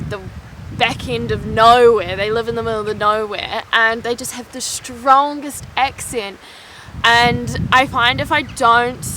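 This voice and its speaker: A young New Zealand woman chats casually to the camera for her vlog, dropping "like" into nearly every phrase. Her voice sits on the high side, and there's background noise behind her.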